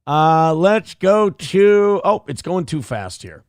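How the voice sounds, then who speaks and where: Man, gravelly voice, crude mocking host, dry close sound. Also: fairly high pitch, sing-song, slow, hardly any pauses, dry recording. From central Minnesota. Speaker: show host reading viewer donations. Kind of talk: casual livestream commentary.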